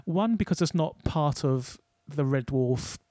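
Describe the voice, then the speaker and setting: A man co-hosts a podcast, talking casually with a mellow, darker voice. He jokes a lot and often trips over and restarts his sentences. The recording is dry and close. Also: a little high, expressive, a little slow, dry recording. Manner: chatty, stumbling restarts, jokey. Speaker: podcast co-host. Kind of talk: casual chat.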